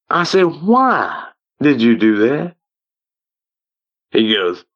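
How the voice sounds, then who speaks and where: Man, Ozark Southern accent, slow rambling storyteller, folksy, muffled lo-fi phone audio. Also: mid-range voice, very animated. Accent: Ozark Southern American. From Ozark Mountains, United States. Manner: rambling, repeats himself, folksy phrasing. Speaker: guest telling a personal encounter. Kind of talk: casual storytelling on a call. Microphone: phone call audio.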